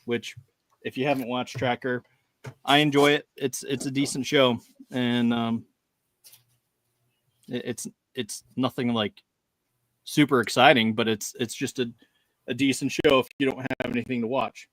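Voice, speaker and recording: Man, podcast co-host, casual rambling chat, laughs a lot, mid pitch, dry close sound. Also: little pitch movement, unhurried, long pauses, a bit bright, no room sound. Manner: rambling, laughs often, acts out quotes.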